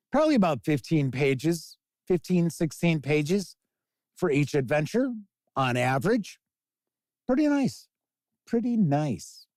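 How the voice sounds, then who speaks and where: A man hosts a live tabletop gaming news show, reading out releases and tossing in his own chatty asides to the chat. His voice sits a little high for a man. The sound is dry and close, with no room around it. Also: a little mellow, no echo. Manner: chatty, reads news then riffs on it, answers chat comments. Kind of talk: casual live-stream news commentary.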